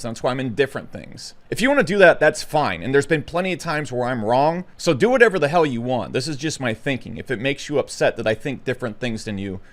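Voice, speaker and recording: A young man talking bluntly and excitably to camera about the markets, stumbling over his words. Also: mid-range voice. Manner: blunt, brash and excitable, with stutters and restarts. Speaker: crypto commentator. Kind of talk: casual opinionated talk to camera.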